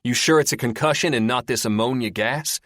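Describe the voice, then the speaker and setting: A man's voice: mid-range voice, brisk, fairly bright tone, dry recording, studio quality, voice pushed up, close to an everyday voice. A man voicing a wisecracking trapped male soldier in an audiobook, with a sarcastic, teasing manner and a raised voice. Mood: joking.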